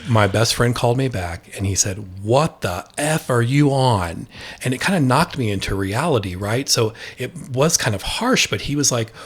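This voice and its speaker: A man's voice: mid-range voice, lively intonation, normal speed, hardly any pauses, a bit bright, breathy edge. A man, an addiction expert, speaking candidly in a podcast conversation and telling a personal story with quoted dialogue.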